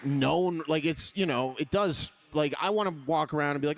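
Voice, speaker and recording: A man doing crowd-work stand-up comedy, loose and profane, laughing often and swinging his pitch up and down. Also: lively intonation, normal speed, fairly bright tone, slight background noise.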